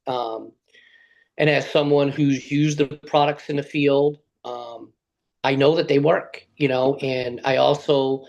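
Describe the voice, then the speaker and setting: A man's voice: mid-range voice, fairly even intonation, a little slow, gravelly, rough recording. A man who works as a sales rep, answering interview questions in a thoughtful, hesitant way with many fillers. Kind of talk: casual interview talk.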